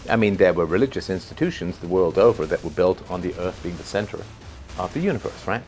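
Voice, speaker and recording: A low-voiced man rambles through his thoughts in a relaxed, conversational way, tagging his points with "right?" and chuckling now and then. Soft music plays quietly under his voice. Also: fast talker. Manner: conversational and musing, with many fillers and rhetorical "right?". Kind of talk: unscripted spoken commentary.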